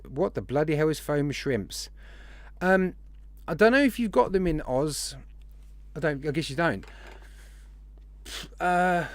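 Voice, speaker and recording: A man's voice: fairly high pitch, no echo. A man hosting a live stream, chatting casually and rambling as he greets viewers one by one.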